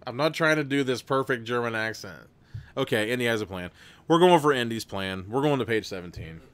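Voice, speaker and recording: A man's voice: medium pitch, lively intonation, fairly quick, a bit bright, clean tone. A man hosting a livestream, reading a gamebook aloud casually, rambling and laughing between passages. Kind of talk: livestream gamebook narration with chat votes.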